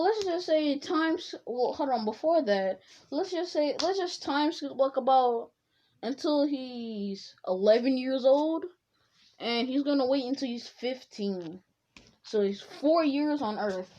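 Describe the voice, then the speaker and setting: A woman's voice: on the high side, darkish tone, dull audio. A woman telling an improvised fan story, rambling and often restarting to revise the plot.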